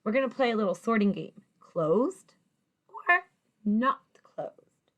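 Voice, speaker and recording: A woman teacher giving a phonics lesson for young children, sounding out syllables slowly and encouraging the viewer with questions and praise. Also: on the high side, sing-song, a bit bright, lo-fi sound.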